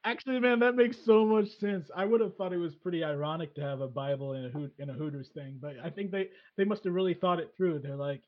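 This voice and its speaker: A man's voice: fairly high pitch, quick pace, hardly any pauses, muffled recording. A man hosting a casual chat, hesitant and full of fillers and restarts. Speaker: podcast host.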